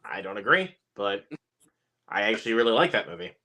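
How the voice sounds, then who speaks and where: A man's voice: lowish voice, very animated, a little fast, bright, forceful tone. A man giving blunt, dismissive opinions in a casual film review chat. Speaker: podcast guest.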